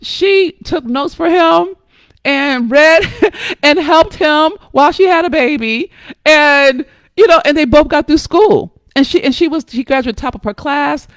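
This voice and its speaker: A woman hosting a live stream, talking in an emphatic, blunt and profane way, with sudden jumps up in pitch and loudness and frequent check-ins with her listeners. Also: measured pace, no room sound, clean studio sound. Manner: coaxing, checks in with listeners often. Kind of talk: impassioned live-stream talk.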